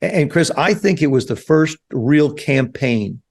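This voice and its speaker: A man in his seventies from New Jersey, a guest telling stories in an animated way on a podcast. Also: on the high side, measured pace. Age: 70s. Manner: animated storyteller, acts out quoted voices. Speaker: guest, former quarterback. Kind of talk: storytelling interview. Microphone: podcast studio mic.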